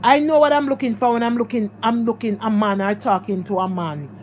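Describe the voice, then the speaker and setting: High-voiced Jamaican woman venting to viewers. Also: brisk, a little mellow, lo-fi sound, a little hiss or hum. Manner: emphatic and repetitive, addressing viewers directly. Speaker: vlogger. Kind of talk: emotional storytime vlog.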